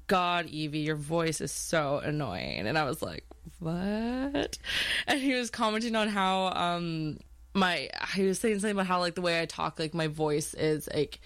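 A woman's voice: on the low side, moderate pace, fairly bright tone, dry recording. A young woman telling a personal story in an interview, hesitant, with many "like" fillers and restarts.

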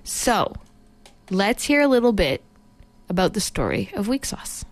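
A woman's voice: mid-range voice, big pitch swings, a little slow. A woman hosting a campus radio arts show, reading a guest introduction and asking playful, teasing questions. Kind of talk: reading an intro, then interviewing.

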